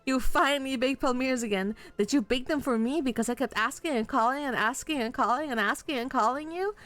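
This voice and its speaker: A woman's voice: fairly high pitch, steady tone, a little fast, close to an everyday voice. A woman playing a manic, obsessive male superfan. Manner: frantic, laughing, swearing.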